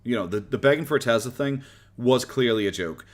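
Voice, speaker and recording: An Irish man chatting on a live stream about other video makers. He is sarcastic, swears freely and laughs often, and his voice sits at an average pitch. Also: brisk. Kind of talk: casual commentary.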